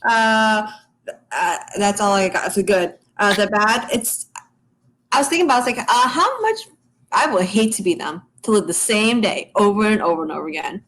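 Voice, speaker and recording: A woman co-hosting a casual trailer-review show, talking in a relaxed, hesitant way with easy laughter. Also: medium pitch, normal speed, a little hiss or hum, rough recording. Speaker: podcast co-host reviewing trailers. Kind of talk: casual chat.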